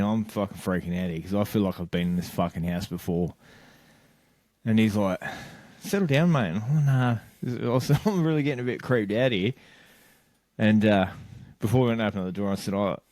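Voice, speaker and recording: A man's voice: on the low side, a little mellow, dry recording. A young man, a podcast co-host, telling a crude story in casual chat and acting out the lines of the people in it. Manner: crude, laughing, acts out quotes in a story.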